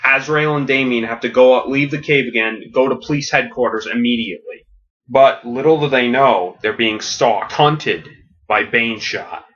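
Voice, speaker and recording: A man pitching a comic story on a podcast with a bright, forceful voice, animated and quick to crack himself up. He slips into quick character voices. The audio is dull and lo-fi. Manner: animated retelling, laughing at his own jokes, putting on quick character voices. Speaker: podcast host.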